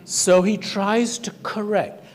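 A man speaking to clergy in a reflective sermon-style talk, wry and measured, telling anecdotes. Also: high-pitched, steady tone, a little hiss or hum. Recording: echoey hall from afar.

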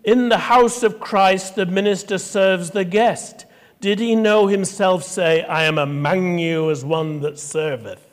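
A woman's voice: fairly low pitch, unhurried, in a large hall, lightly acted. A man reading the lines of a humble, pious old countrywoman from a sermon note, with dialect words. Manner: plain-spoken, dialect words, read aloud.

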